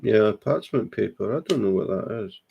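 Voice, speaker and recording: A man's voice: lowish voice, lively intonation, normal speed, gravelly, warm tone, breathy edge, highs cut off. A Scottish man chatting casually at home about his crafting hobby, plainspoken and dry. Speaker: co-host, diamond painting hobbyist. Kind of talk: casual chat. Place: home, indoors.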